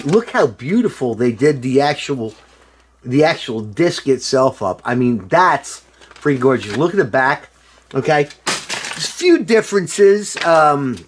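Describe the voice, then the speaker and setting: A tipsy middle-aged man rambling excitedly in a casual video monologue, swearing and breaking into loud outbursts. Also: a little high, slight background noise. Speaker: former band member showing a reissued album.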